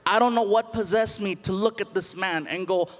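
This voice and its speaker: A man doing stand-up comedy, telling a story with animated delivery, acting out voices and shouting punchlines. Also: high-pitched, normal speed, slight background noise. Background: audience laughter.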